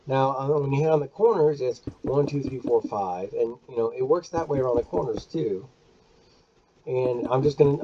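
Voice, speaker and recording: A man talks through a game build in a casual, chatty way, counting out loud and catching his own mistakes. His voice is dark and a little husky. The recording sounds dull and lo-fi. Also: medium pitch. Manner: chatty, counts aloud, corrects himself. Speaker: gaming video creator. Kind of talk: casual gameplay walkthrough.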